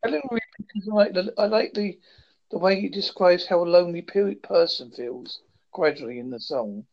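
A man from the United Kingdom with a British accent, chatting casually in a polite, halting way and repeating his words. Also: sits high, a little mellow. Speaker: chat partner. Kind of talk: casual chat. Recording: muffled lo-fi audio.

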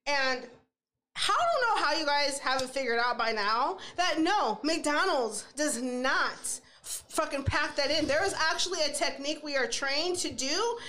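A woman's voice: sits high, lively intonation, a little slow, sharp tone, a little hiss or hum. A woman in her forties co-hosting a casual podcast chat, rambling, laughing often and swearing freely. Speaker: podcast co-host.

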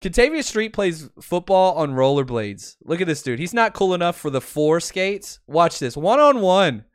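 Excitable man breaking down game film. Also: high voice, normal speed, clear, resonant tone, no echo, clean studio sound. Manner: excitable, swears, talks to viewers. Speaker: podcast host.

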